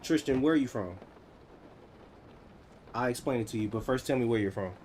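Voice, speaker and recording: An American man in his thirties, chatting casually on a livestream, answering viewers in an animated, teasing way. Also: medium pitch, a little fast, a little hiss or hum. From United States. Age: 30s. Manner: animated, teasing, laughs often.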